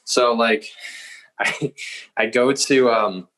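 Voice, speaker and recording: A man's voice: medium pitch, fairly even intonation, a bit bright, rough recording. A young man telling a story as a podcast guest, rambling casually with lots of fillers and swearing. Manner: swears freely, fast rambling with many fillers.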